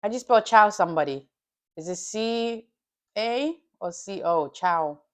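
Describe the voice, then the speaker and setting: A woman's voice: mid-range voice, lively intonation, a little slow. A woman streaming live as a futures trader, chatting loosely with viewers, swearing freely, and talking herself through a review of her trading day. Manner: reflective, self-coaching. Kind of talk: casual livestream chat and trade review.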